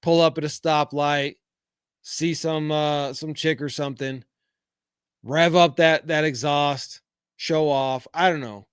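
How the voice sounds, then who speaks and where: A man's voice: on the high side, fairly even intonation, takes it slowly, clear, resonant tone, no echo, clean studio sound. Frank middle-aged man hosting a podcast. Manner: reads viewer comments aloud, frank, rambling with fillers. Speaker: podcast host. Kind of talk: casual live-chat podcast.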